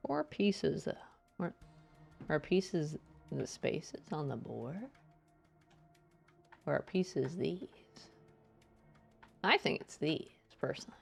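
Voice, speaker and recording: Playful gamer girl chatting w/ her stream, lowish raspy voice, bouncy, lil music in the back. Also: animated, slow pace, pauses often. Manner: chatty, playful, greets chat in a high sing-song voice. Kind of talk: casual live-stream chat while gaming.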